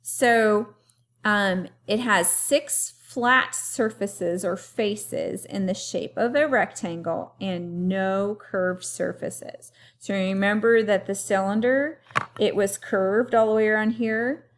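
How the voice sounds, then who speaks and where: A woman teacher speaking to young children in an unhurried, deliberate way, spacing out her words. She has a middle-range voice and keeps stopping so the class can say words back after her. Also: mid-range voice. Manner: slow, clearly paced teacher talk with call-and-repeat. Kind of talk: remote lesson for young children.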